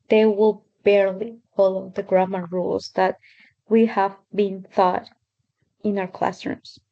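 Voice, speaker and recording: A woman hosting an English lesson with a mellow, warm tone. She talks in a loose, conversational way with fillers. The recording sounds dull and lo-fi. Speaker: host of an English lesson channel. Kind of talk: casual spoken commentary. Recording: dull low-fidelity recording.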